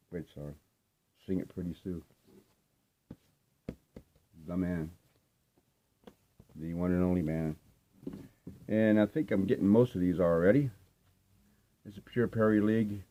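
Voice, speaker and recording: An older man with a low voice, heard through narrow, tinny audio, casually shows off his record finds. He's a vinyl collecting vlogger, rambling in a loose, laid-back way with plenty of fillers.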